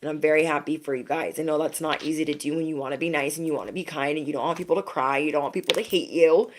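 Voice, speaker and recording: A woman's voice: deep voice, steady tone, quick pace, slight background noise. A woman giving a casual, chatty tarot reading to her viewers. She reassures them often and keeps checking in with "okay?". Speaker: tarot reader.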